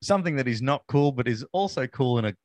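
A man's voice: medium pitch, expressive, quick pace, a little mellow, dry recording. A man co-hosting a casual podcast chat, rambling with many fillers and laughing easily. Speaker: podcast co-host. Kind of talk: casual chat reviewing wrestling.

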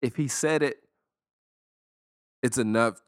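A man hosting a solo podcast, talking in a casual, emphatic, preachy way and slowing down dramatically to stress words. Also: mid-range voice, dry recording, studio quality. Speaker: podcast host.

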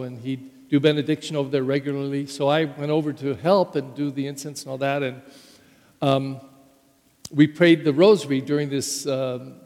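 Male priest, slightly high voice, homily with stressed key words, long church reverb. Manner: conversational preaching with stressed words and sudden loud rises. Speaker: pastor. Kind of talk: sermon.

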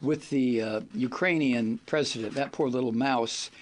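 A man's voice: mid-range voice, normal speed. A man hosting a political talk radio show, ranting in an angry, insulting, theatrical way.

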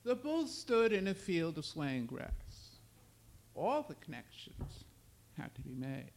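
A man giving a slow, dramatic literary reading of his own fiction. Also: on the high side. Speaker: author reading his work.

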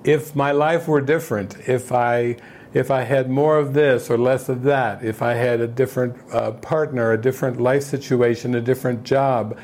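A man's voice: medium pitch, steady tone, moderate pace, a little mellow, a little hiss or hum. A man teaching at a spiritual retreat in a conversational way, often chuckling and restarting his phrases.

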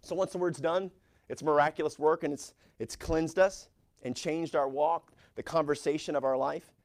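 A middle-aged man preaching a sermon as a pastor, reading scripture aloud with rising force and an animated delivery. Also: fairly high pitch, normal speed.

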